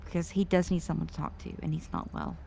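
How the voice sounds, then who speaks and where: A woman's voice: deep voice, fast, vocal fry, warm tone, a little hiss or hum. A woman in a roleplay scene, venting in an upset way and swearing. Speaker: roleplay character. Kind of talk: in-character roleplay chat.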